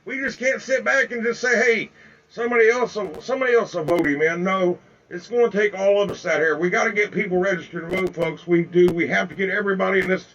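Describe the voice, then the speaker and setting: Speaking from home with flags behind him, an older political video blogger with four grandsons rants passionately direct to camera. Angry, repetitive and folksy, he keeps addressing viewers as folks, his high, slightly bright voice caught on a muffled recording.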